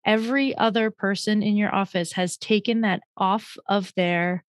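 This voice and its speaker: A woman's voice: mid-range voice, fairly even intonation, moderate pace, no echo, clean studio sound. A woman in casual chat, explaining her view firmly and giving advice. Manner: firm, explanatory, gives advice.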